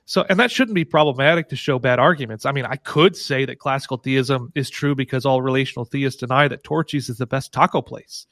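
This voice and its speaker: A man, a guest co-author, arguing his point in casual academic debate, emphatic and animated with quick asides. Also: medium pitch, no echo, clean studio sound.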